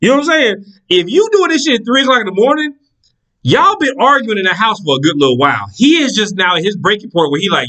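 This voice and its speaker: Sex: man. Role: storyteller. Style: casual storytelling monologue. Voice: fairly high and bright. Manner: animated, profane, acts out characters. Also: quick pace, low-quality recording. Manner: animated, profane, acts out the people in his stories.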